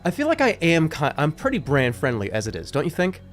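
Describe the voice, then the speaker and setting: A man in his thirties chatting casually with his live chat, animated and jokey, swinging between loud outbursts and low mutters. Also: fast talker, soft background music. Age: 30s. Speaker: livestreamer.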